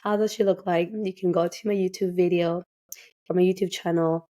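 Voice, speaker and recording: A woman hosts a podcast with a raspy, worn voice after losing it. She talks casually, looping through fillers and restarts. Her tone is dark and mellow. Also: on the low side, fairly even intonation, a little fast. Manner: informal, many fillers and restarts. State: raspy, partly lost voice. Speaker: podcast host, registered dietitian.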